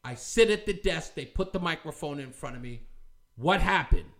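A man's voice: fairly high pitch, expressive, brisk. A man hosting a commentary show, ranting in a heated, scornful, confrontational way. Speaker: talk show host.

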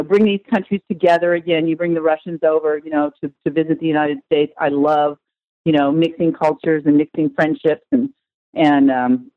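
A woman's voice: sits low, no echo, phone-quality sound. A woman guest in a conversational interview, talking with enthusiasm and at length. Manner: enthusiastic, talkative. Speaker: guest, tour organizer.

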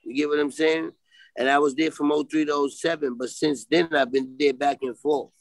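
A man's voice: a little high, fairly even intonation, normal speed, gravelly, no room sound, low-quality recording. A man with a Brooklyn New York accent, a podcast guest on a video call, talking in a streetwise, emphatic way and keeping on asking if you follow him. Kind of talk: casual interview talk.

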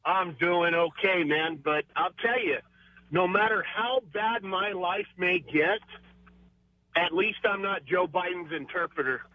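Caller, male, friendly and casual, high voice, dull phone-line audio. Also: unhurried, a little hiss or hum. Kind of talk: chatting on a call-in show.

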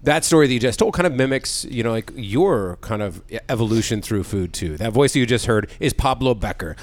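A man hosting a podcast in casual chat, telling stories animatedly and acting out quotes in a raised voice. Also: a little fast. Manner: animated storyteller, acts out quotes in a high voice. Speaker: podcast host.

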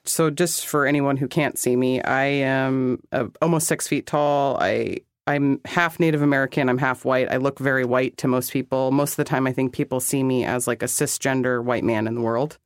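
A podcast guest talking candidly about personal experiences, animated and full of "like" fillers. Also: mid-range voice, normal speed, few pauses, clean tone, no room sound, clean studio sound. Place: New York City.

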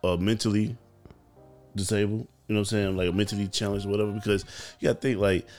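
Man, very low voice, earnest and a little preachy, casual chat with faint music behind. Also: level tone, fast, darkish tone. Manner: earnest, repeats himself, preachy. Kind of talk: casual conversation.

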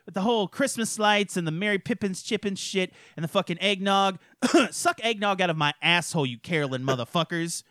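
A man's voice: sits high, brisk, hardly any pauses, pushed and bright, no room sound, studio quality. A man co-hosting a podcast, ranting and swearing in crude casual chat, laughing often. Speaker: podcast co-host.

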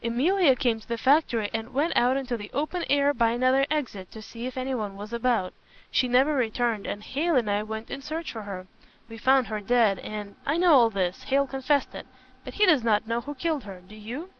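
A jealous, scheming young woman from a storybook, spiteful and quick to flare into shrill fury, as a woman narrator reads her. The voice sits fairly high. The sound is dull and lo-fi. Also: lively intonation, natural voice. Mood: cold.

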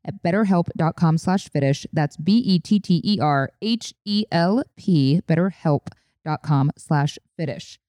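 A podcast co-host in casual chat who jumps in with quick reactions and questions. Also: medium pitch, dark tone, no echo, studio quality.

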